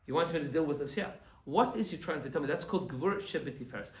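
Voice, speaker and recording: A man, a rabbi, giving an animated Torah class and acting out quoted complaints. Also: fairly high pitch, fast talker, roomy sound.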